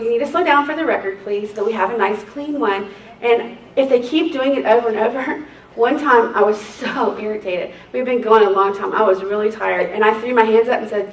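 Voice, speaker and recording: Woman, court reporter, seminar storytelling, lively voices for quoted people, fairly high voice, echoey room, distant mic. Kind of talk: anecdotal seminar talk to a group.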